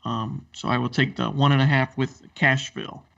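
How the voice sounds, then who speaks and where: A man co-hosting a betting show, calmly listing his picks with a few ums. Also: medium pitch, moderate pace, gravelly, muffled recording, slight background noise. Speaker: sports betting co-host. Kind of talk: casual picks talk.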